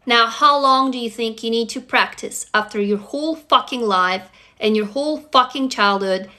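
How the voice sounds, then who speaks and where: A woman's voice: a little high, pushed and bright. A woman hosting a motivational livestream, talking bluntly and emphatically to her viewers, swearing freely and urging them to commit. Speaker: livestream host.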